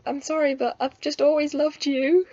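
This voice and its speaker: A man's voice: very high-pitched, little pitch movement, moderate pace, darkish tone, dry recording, pitched above the performer's own voice. A woman voicing a shy, earnest teenage boy who apologises and confesses he has always loved her, in a dull-sounding recording.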